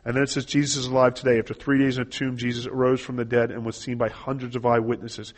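An evangelism trainer gives an instructional talk on sharing a gospel tract, earnestly reading scripture passages aloud and explaining each step. His voice is medium-pitched, flat in delivery, and fast.

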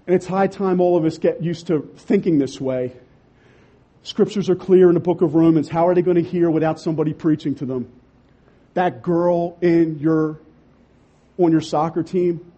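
Impassioned husky-voiced male preacher. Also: a little high. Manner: impassioned, swings from loud urging to quiet emphasis. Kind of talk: sermon.

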